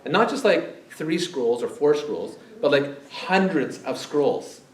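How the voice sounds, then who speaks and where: A pastor chats with his congregation through his sermon, often asking them questions. Taking it slowly, he speaks in an expressive voice on the high side, and the echoey church hall is recorded with the mic far away.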